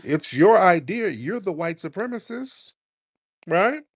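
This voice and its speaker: Mocking male talk host, lively pitch. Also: no echo, studio quality. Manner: mocking, taunting, drawn-out repeated questions. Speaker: host of a call-in talk show. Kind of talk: confrontational call-in radio talk.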